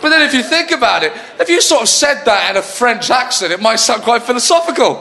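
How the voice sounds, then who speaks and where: Animated high-voiced male stand-up. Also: brisk, gravelly, hardly any pauses, a crowd in the background. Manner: animated, rambling, mocking delivery. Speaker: stand-up comedian. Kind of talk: stand-up comedy. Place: studio comedy stage before a live audience. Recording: live audience laughter and room noise.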